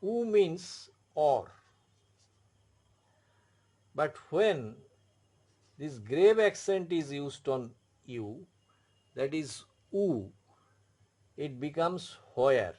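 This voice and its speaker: Slow, patient tutor, man. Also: on the high side, lively intonation, warm tone. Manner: slow, repetitive explaining, stressing each point. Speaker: French tutor. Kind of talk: language lesson.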